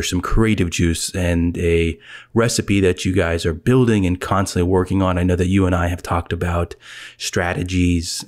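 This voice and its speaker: Lower-voiced male host, upbeat and quick, for an interview podcast intro. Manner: energetic, talks fast when excited.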